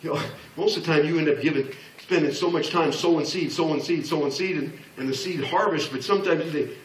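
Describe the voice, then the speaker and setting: A man's voice: on the high side, fast talker, a little hiss or hum. A man in his sixties giving a blunt, joking motivational business talk to an audience, acting out the voices he quotes. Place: large hall before an audience. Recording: echoey hall, speaker far from mic.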